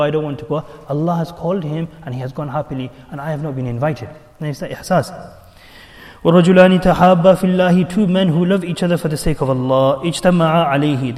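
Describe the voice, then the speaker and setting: A man preaching as an imam, his voice a touch high and mellow. He talks quickly and acts out the voices of the people in his stories. The sound rings with the long reverb of a mosque hall. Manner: animated storytelling, acting out quoted voices. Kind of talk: sermon.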